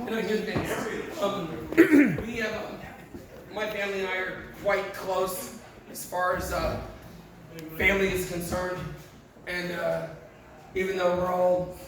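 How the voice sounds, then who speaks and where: A man doing stand-up comedy, telling candid, profane and emotional stories to a live audience. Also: high-pitched. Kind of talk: stand-up storytelling. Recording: echoey room, far mic, crowd noise.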